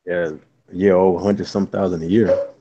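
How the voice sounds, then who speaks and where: Gravelly sarcastic man, dull lo-fi line. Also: low voice, flat delivery, normal speed, mellow, a little hiss or hum. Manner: sarcastic, dry asides. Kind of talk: casual political chat.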